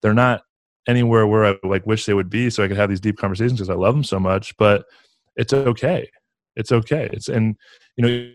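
A man's voice: lowish voice, dry recording. A man talking earnestly and reflectively in a casual spiritual conversation, as a podcast guest, with many "like" fillers.

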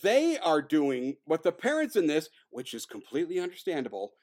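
A man with a high, bouncy voice that swoops up and down, chatting casually about movies. He gets worked up, swears freely and breaks into laughs. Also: a little fast. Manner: excitable, swears often, laughs a lot. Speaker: podcast co-host. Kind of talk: casual film review chat.

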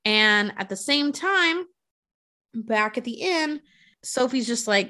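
Speaking slowly in a slightly high voice, a woman casually retells a movie plot. She swears often and animatedly voices the characters' lines.

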